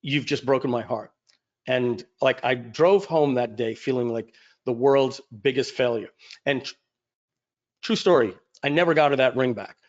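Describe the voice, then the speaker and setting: A man's voice: mid-range voice, normal speed. A man telling a personal story to his audience as an event speaker and host, acting out the dialogue as he goes. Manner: animated storyteller who acts out dialogue. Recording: dull lo-fi audio.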